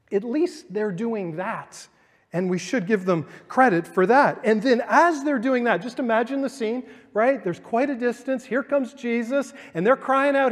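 High-voiced pastor preaching in a big hall. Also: male voice, normal speed. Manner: reads scripture then explains it conversationally, acting out quotes. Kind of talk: sermon. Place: church sanctuary.

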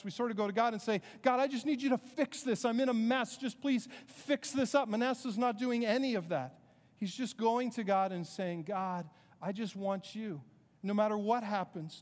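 A man preaching a sermon as pastor, earnest and conversational, with quick asides to the congregation. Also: high voice, darkish tone, in a large hall.

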